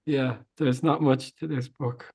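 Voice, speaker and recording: A man's voice: medium pitch, fairly even intonation, unhurried, darkish tone, slightly rough. A man co-hosting a casual podcast, dryly summing up a book and often laughing. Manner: laid-back, dry, giggly summarising. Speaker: podcast co-host. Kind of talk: casual comic book-review chat.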